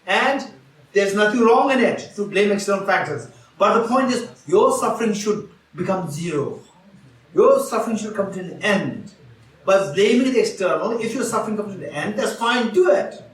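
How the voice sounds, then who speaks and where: Animated and speaking at normal speed, a high-voiced man gives a Buddhist teaching that invites participation, asking the audience questions and repeating key phrases. The retreat hall sounds spacious, recorded from well back.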